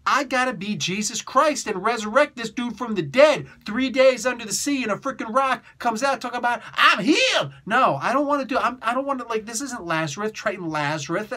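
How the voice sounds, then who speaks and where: Male comic reviewer, high-pitched and bright, excitable, slangy, laughing throughout. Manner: excitable, laughing, slangy, does quick voices. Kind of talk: animated comic review rant.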